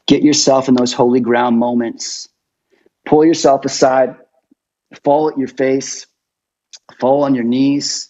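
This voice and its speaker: A man's voice: medium pitch, a little mellow. A man giving a sermon-like devotional talk, exhorting listeners. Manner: exhorting, acts out quotes in voices. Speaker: guest speaker. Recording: dull lo-fi podcast audio.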